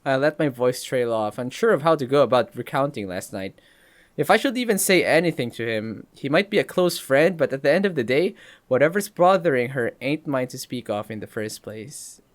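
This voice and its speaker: A man reading a story game aloud with a lively, swooping delivery, stepping out now and then to crack jokes. His pitch sits mid-range but moves around a lot as he narrates. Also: normal speed. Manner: animated reading, breaks off for joking comments. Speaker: let's play host.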